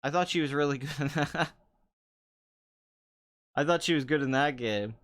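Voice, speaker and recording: A man's voice: on the high side, a little slow, fairly bright tone. A young man hosting a casual chat show, answering viewer comments in a sarcastic, rambling way and laughing often. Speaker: podcast host.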